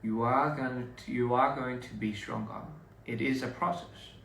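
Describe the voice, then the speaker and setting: A man's voice: mid-range voice, gravelly. Man on a roomy, distant phone live. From Australia. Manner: relaxed, halting, many fillers and restarts. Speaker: livestream host. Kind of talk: casual livestream chat with viewers. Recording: roomy echo, distant mic, faint noise.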